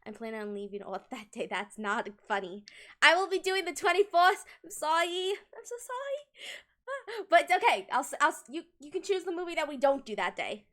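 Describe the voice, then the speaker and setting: A Colombian woman chats casually with livestream viewers, gesturing animatedly with her hands near a desk microphone. Her high, fairly bright voice swings widely in pitch and runs a little fast. She giggles often, laughing between sentences.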